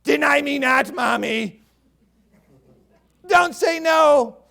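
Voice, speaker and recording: A man's voice: very high voice, takes it slowly, gravelly, sharp tone, voice pushed up, exaggerated voice. A man doing a whiny spoiled prince. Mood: whining. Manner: whining, pleading.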